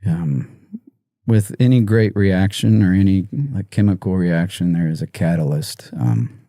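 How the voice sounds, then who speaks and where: A man telling a painful personal story in an interview, halting and soft-spoken with many pauses, emotional and near tears. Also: deep voice, no room sound, clean studio sound. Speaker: musician guest.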